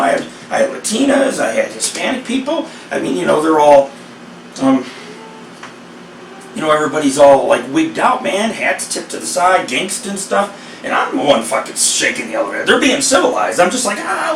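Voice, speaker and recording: A man rambling through casual storytelling, excitable and profane. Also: on the high side, gravelly, slight background noise. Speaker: vlogger. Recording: echoey sound from a distant mic with faint ambience.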